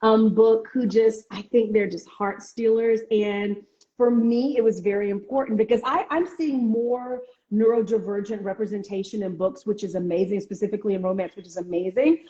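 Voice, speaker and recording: Over echoey, dull lo-fi call audio, a woman author chats casually in an interview at a moderate pace, with plenty of ums and restarts. She frequently acts out other people's reactions in a high, excited voice.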